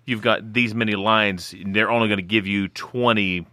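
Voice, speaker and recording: A man's voice: lowish voice, fairly even intonation, normal speed, bright, forceful tone, no echo, studio quality. A man co-hosting a podcast, explaining things in an easygoing way with fillers. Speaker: podcast co-host. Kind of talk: casual chat.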